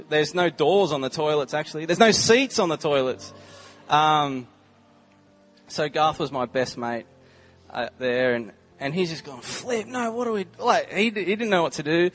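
A man in his twenties with an Australian accent and a fairly high voice gives a sermon as a laid-back testimony. He tells the story with humor and trails through "like" and "um" as he goes. Soft music hums faintly behind him. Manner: chatty, humorous storytelling with many "like" and "um" fillers. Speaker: visiting preacher.

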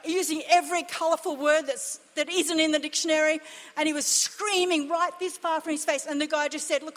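A woman pastor preaches in a high, ringing voice. She drives her points home with urgent repetition. A long reverb hangs after each phrase in the church hall. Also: a bit bright. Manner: impassioned, emphatic preaching with repeated phrases. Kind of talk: sermon.

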